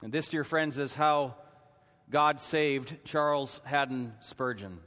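A man preaching a sermon in a church, telling a story dramatically and rising to shouts at its peak. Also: mid-range voice, takes it slowly, big-room sound. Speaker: pastor. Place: church sanctuary.

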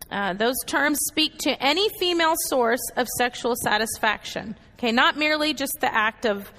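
A woman leads a Bible study in a high, clear voice, working through the passage verse by verse. She keeps checking in with her listeners with quick "okay"s and "right"s. A long reverb trails after her words, as if she is speaking in a large hall. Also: bright, forceful tone. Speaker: Bible teacher.

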